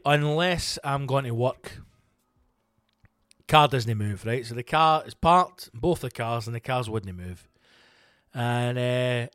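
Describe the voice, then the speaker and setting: Sweary Scottish comedian telling stories. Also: male voice, medium pitch, no room sound, clean studio sound. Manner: sweary, rambling, animated. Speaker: comedian podcast host. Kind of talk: casual comic storytelling.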